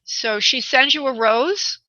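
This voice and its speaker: Tender, bright-voiced woman psychic. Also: high voice, animated, slow pace, no echo, lo-fi sound. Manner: tender, affectionate, calls callers honey and sweetheart. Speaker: psychic medium and radio host. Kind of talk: live radio psychic reading.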